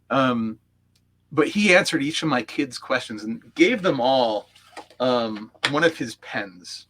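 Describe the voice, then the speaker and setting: Bright-voiced man telling a heartfelt story. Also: medium pitch, lively intonation, a little slow. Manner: heartfelt, reflective, with frequent fillers. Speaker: coach, interview guest. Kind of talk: storytelling in an interview.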